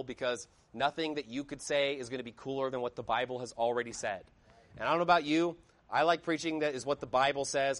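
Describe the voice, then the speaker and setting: A man's voice: medium pitch, a bit bright. A man preaching a sermon in a conversational way, with emphatic outbursts. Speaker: pastor.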